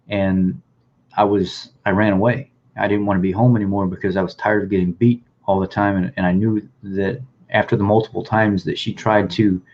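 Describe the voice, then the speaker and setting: Low-voiced man telling his story. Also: a little mellow, a little hiss or hum. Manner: halting, repeats words, plain spoken. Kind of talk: personal storytelling, reading news clippings aloud. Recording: dull, lo-fi sound.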